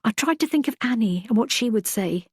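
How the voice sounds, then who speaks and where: A woman narrating a first-person audiobook in a measured, reflective way. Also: fairly high pitch, animated, breathy edge, no echo, clean studio sound.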